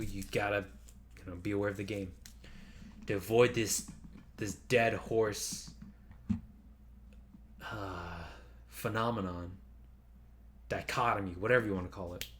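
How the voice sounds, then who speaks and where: A man's voice: fairly low pitch, fairly even intonation, measured pace, pauses often, fairly bright tone. A man vlogging in a loose, rambling monologue, swearing casually and padding with fillers and restarts.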